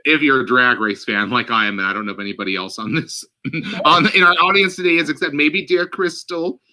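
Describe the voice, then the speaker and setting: A man co-hosting a podcast in a loose, casual chat. His voice is very bright and edgy in tone. He rambles with plenty of "um"s and quick laughs. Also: mid-range voice, a little hiss or hum. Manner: chatty, rambling, frequent fillers and laughs. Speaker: podcast co-host.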